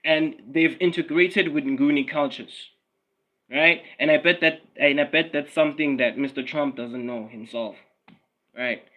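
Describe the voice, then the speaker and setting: A man's voice: a little high, a little slow, sharp tone, rough recording. Profane streamer man. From South Africa. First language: Swati. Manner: profane, repetitive, laughs often. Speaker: YouTube streamer. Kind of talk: casual livestream rant.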